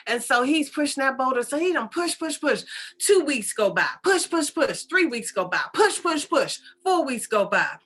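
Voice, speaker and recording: A woman, a spiritual teacher, telling a story in an animated, repetitive, conversational way. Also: high-pitched, moderate pace. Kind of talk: storytelling talk.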